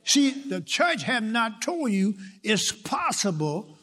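Man, preacher, high voice, emphatic sermon, repeated rhythmic phrases, loud then hushed. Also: big pitch swings, slow pace. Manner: emphatic, swinging between loud lines and hushed asides.

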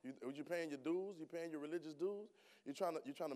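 This fast-talking preacher has a fairly high pitch. Addressing his church congregation informally, he throws out rhetorical questions and builds into loud, emphatic bursts.

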